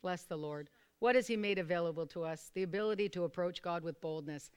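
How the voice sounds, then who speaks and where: A woman preaching a sermon to a small group, repeating phrases and calling for responses, sometimes bursting into loud, fervent exclamations. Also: on the low side, brisk, clean tone. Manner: repetitive, calls for responses from listeners.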